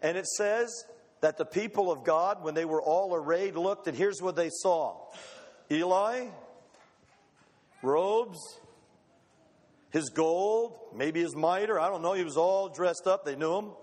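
A man preaching with a high, ringing voice that carries a long reverb tail through a large hall. He delivers a dramatic, emphatic sermon, pausing for effect and slipping into the voices of the people he quotes. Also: a little mellow.

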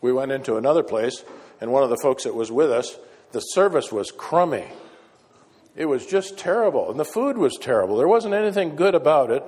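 A man's voice: mid-range voice, a little mellow. A man preaching a sermon, telling folksy stories with wry asides. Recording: echoey hall reverb.

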